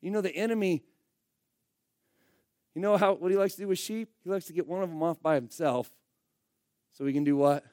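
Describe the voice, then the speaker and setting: A man, a pastor, preaching a sermon in a conversational, emphatic way, swinging between loud bursts and quiet asides. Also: high voice, brisk, long pauses, clear, resonant tone, dry recording, studio quality.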